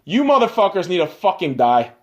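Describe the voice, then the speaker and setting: High-voiced man ranting with heavy swearing. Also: sing-song, brisk, darkish tone. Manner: profane, blunt, ranting. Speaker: podcast host. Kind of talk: casual storytelling monologue.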